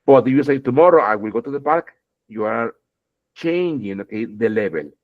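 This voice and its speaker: Male English teacher, animated pitch, keeps asking "okay?", dull video-call sound. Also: normal speed. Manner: keeps checking in with "okay?", repeats words, addresses students fondly. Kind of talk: online English grammar lesson.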